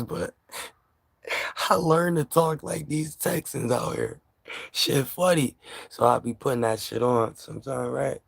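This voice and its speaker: Gravelly, husky vlogger ranting slowly. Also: mid-range voice, no room sound, studio quality. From New York. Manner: profane, heated and laughing, slangy street talk. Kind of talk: casual rant to camera.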